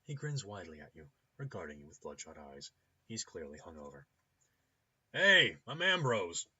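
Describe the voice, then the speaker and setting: A man's voice: very deep voice, sing-song, fairly quick, a little mellow, husky, dull audio. A man hosting a let's play, reading the game's narration aloud. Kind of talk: reading game text aloud.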